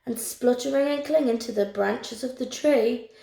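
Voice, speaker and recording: A woman teacher reading a picture book aloud to children, telling the story slowly and expressively. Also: on the high side, gravelly, dark tone, a little hiss or hum. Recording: roomy echo.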